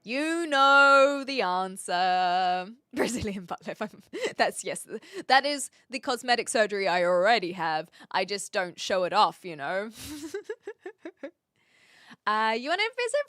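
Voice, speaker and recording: A woman's voice: medium pitch, sing-song, measured pace, bright, forceful tone, clean tone, no echo, clean studio sound. A woman with a light New Zealand accent, chatting casually with her live chat from her home streaming room into a stand mic, giggly and self-mocking. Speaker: Twitch streamer.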